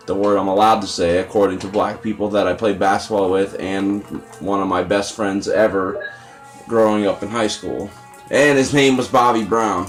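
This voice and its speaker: Rambling, profane young man gamer. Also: on the low side. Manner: rambling, profane, self-deprecating. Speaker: let's play gamer. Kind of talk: casual gameplay commentary.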